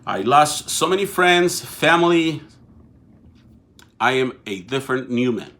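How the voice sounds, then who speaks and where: Middle-aged male host, Mexican Spanish accent, sharp bright voice, casual talk straight to camera with frequent restarts. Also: mid-range voice, animated, a little slow. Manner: talkative, repeats and restarts words, addresses viewers directly. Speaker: political show host. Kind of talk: casual live-stream talk.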